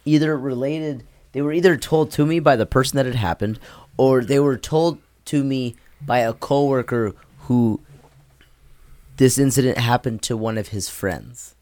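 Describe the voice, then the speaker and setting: A man's voice: mid-range voice, moderate pace, darkish tone, no echo. Guy rambling thru a funny story, keeps laughing, dry close sound. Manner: rambling, laughs through his own story. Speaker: podcast co-host. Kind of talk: casual storytelling chat.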